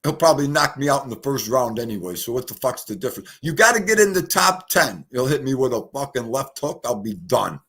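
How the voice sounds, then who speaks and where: Brash, profane New livestream host. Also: male voice, mid-range voice, sing-song, fairly quick, hardly any pauses, a bit bright. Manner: brash, profane, greets chatters. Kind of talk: casual livestream chat.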